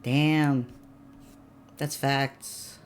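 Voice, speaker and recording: Woman, low voice, slow easy pace, casual stream chatter, laughs a lot. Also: a little hiss or hum. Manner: chatty, laughs often, excitable bursts. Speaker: livestreamer. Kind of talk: casual live-stream chat.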